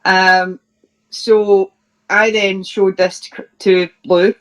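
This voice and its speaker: A woman's voice: mid-range voice, flat delivery, slow, a bit bright. A Scottish woman, a professional wrestler, chatting as an interview guest and telling funny stories with plenty of laughs. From Scotland. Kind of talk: casual anecdote telling.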